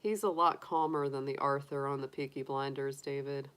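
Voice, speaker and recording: A woman's voice: a bass voice, steady tone, normal speed, fairly bright tone, smooth. A woman hosting a casual livestream, cooing in baby talk to her pet rabbit and chatting with viewers. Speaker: tarot reader livestream host.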